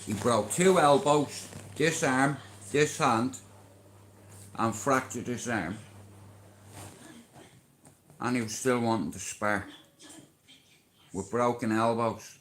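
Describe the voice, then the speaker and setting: A man's voice: fairly low pitch, fairly bright tone, roomy sound. An Irish man hosting a casual livestream, talking in a boastful, rambling way with plenty of swearing. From Ireland. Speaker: livestream host.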